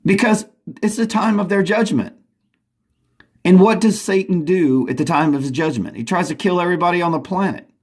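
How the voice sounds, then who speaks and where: A man's voice: high-pitched, fairly quick. A man delivering an urgent, agitated monologue from home, often restarting his sentences. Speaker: vlogger. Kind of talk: rambling monologue to camera.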